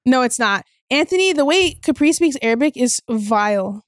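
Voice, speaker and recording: A woman's voice: high voice, lively intonation, moderate pace, dry recording. A young woman in a casual podcast chat, blunt and teasing, swearing freely.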